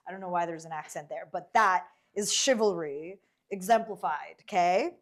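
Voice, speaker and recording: A woman hosting a casual interview chat, playful and animated, often humming agreement while her guest talks. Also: fairly low pitch, moderate pace, few pauses. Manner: animated, playful, frequent backchannel hums. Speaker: host.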